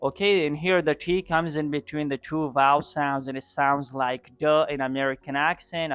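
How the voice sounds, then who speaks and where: A man gives a pronunciation lesson, taking his time and repeating each word so learners can copy it. His voice is smooth and resonant, recorded dry and close, with faint instrumental music underneath. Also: fairly high pitch, fairly bright tone, no room sound. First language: Pashto. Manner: drills words by slow repetition. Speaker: English teacher.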